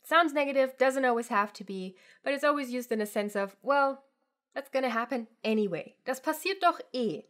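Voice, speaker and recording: A woman's voice: high voice, lively intonation, normal speed, a bit bright. A woman teaching a casual language lesson in English, acting out example phrases. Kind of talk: explanatory lesson, mixing English with German examples.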